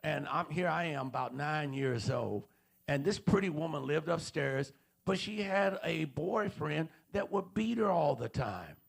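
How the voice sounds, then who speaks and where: Gravelly-voiced man preaching a sermon. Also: a little high, lively intonation, unhurried. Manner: call-and-response preaching, repeats questions to the congregation. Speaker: pastor. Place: church auditorium.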